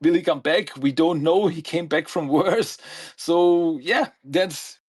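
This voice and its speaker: A man's voice: a little high, takes it slowly, breathy edge. A man co-hosting a podcast, recapping comic plots in a loose, rambling way with lots of "uh" and "like". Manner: rambling plot summaries full of "uh" and "like". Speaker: podcast co-host. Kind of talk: casual comic review chat.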